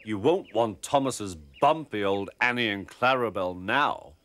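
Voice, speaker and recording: A man's voice: on the low side, expressive, measured pace, a bit bright. A man voicing a fussy, self-important female diesel railcar in a children's storybook. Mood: haughty. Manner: prim, complaining, self-important. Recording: background music.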